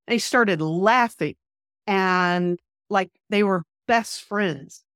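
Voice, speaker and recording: A woman minister, appearing as a podcast guest, tells a personal story extremely slowly in a mid-range voice. She delivers it earnestly and with animation, dramatizing the dialogue she quotes, in clean, studio-quality audio without echo.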